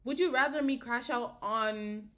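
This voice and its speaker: A woman's voice: fairly high pitch, measured pace, fairly bright tone. A young woman, a college student, talking heatedly and profanely in a casual video diary. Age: young adult. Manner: heated, profane, emphatic ranting.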